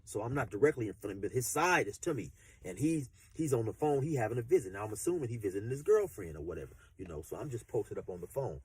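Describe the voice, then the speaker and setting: A man's voice: lowish voice, very animated, fast, slightly rough. A man telling a story casually, rambling with repeated fillers.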